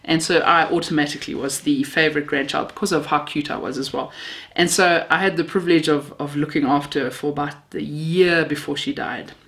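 A woman's voice: deep voice, fairly even intonation, brisk, a bit bright. A woman from Namibia, preaching a sermon built on personal stories, heartfelt with a self-mocking sense of humor.

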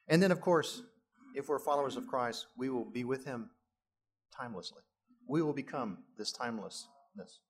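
A man's voice: mid-range voice, lively intonation, normal speed, breathy edge. A middle-aged male pastor preaching a sermon, lifting his voice for emphasis and adding chuckling asides.

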